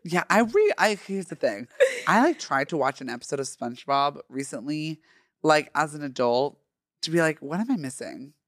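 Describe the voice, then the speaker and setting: A young woman in casual podcast chat, quick and jokey with lots of slang. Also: low voice, very animated, no room sound, studio quality.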